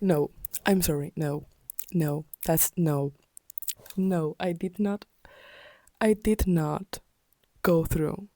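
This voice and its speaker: A woman's voice: lowish voice, dark tone, no room sound. A tired young woman talking in a casual, exasperated reading vlog, often dropping into a whisper late at night. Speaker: book vlogger.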